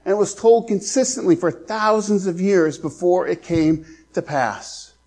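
A man preaching a sermon as pastor, earnest, slowing down to stress scripture. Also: sits high, darkish tone.

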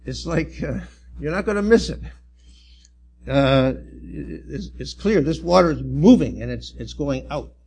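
A middle-aged man, a church elder, preaching a sermon in an earnest, halting way with restarts and emphatic swells. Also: fairly high pitch, lively intonation, creaky, a little mellow, husky.

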